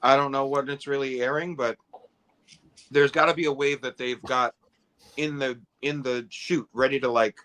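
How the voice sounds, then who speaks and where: A man's voice: mid-range voice, fairly even intonation, normal speed, sharp tone. A man co-hosting a toy collecting livestream, giving detailed, opinionated breakdowns in casual chat.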